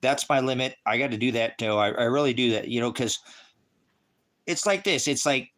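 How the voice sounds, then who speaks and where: An American man with a mid-range, fairly bright voice speaks at normal speed while preaching on a livestream. His replies to the chat are hostile and insulting, full of swearing, and he rambles and repeats himself.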